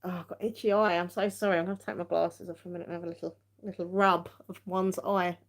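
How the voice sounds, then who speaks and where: A woman's voice: fairly low pitch, flat delivery, fast. A woman hosting a tarot livestream, chatty and giggly, a bit tired. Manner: chatty, giggly, self-mocking. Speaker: tarot-reading livestream host. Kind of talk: casual live-stream chat.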